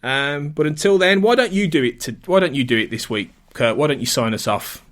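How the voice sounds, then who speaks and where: A man's voice: fairly high pitch, animated, a little fast, hardly any pauses, a bit bright. A man co-hosting a podcast, talking in a chatty, enthusiastic way with frequent restarts. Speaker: podcast co-host. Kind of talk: casual podcast chat.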